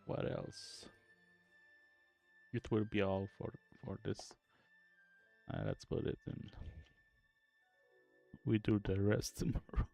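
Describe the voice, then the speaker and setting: A young man streaming game development, quietly muttering to himself in halting phrases as he works. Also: lowish voice, steady tone, vocal fry, faint music behind. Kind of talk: casual livestream commentary while coding and gaming.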